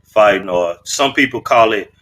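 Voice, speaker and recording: A man hosting a casual interview, asking loose, relaxed follow-up questions. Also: on the low side, normal speed, distant mic, rough recording. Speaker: podcast host, interviewer.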